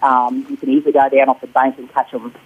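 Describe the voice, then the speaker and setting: A male Australian fisherman giving a radio fishing report, relaxed and rambling with lots of fillers. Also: medium pitch, fast, breathy edge, phone-quality sound.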